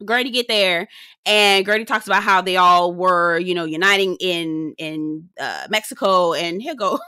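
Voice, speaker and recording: A woman's voice: fairly low pitch, sharp tone, smooth, no room sound, studio quality. A woman hosting a casual reality TV recap, sassy and dramatic, swearing freely and mimicking the cast. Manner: sassy, dramatic, profane, quick mimicry of others.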